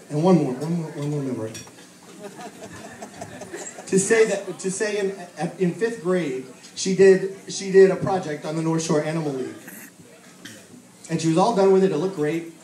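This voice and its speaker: A man's voice: on the high side, dark tone. A middle-aged man giving a toast as a father at a family celebration, a fond, joking storyteller. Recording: echoey hall, mic heard from far, crowd behind.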